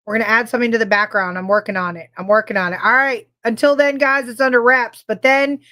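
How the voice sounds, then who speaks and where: A woman's voice: on the high side, steady tone, fast, bright, forceful tone. A woman co-hosting a casual livestream podcast, bubbly and rambling, laughing often as she chats and greets viewers. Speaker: podcast co-host.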